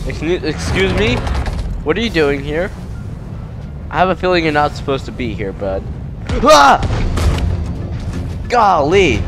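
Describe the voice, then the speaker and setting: A young man casually commenting over his own gameplay, excitable and quick to yelp when startled. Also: a little high. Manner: excitable, yelps and shouts at jump scares. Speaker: gaming channel host.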